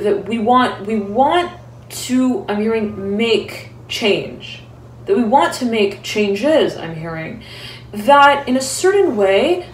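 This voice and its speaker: Female tarot reader at home, halting, searching delivery, roomy sound with faint background hum. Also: a little high. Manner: halting, keeps repeating "I'm hearing" between words. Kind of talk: intuitive tarot reading to camera. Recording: roomy echo.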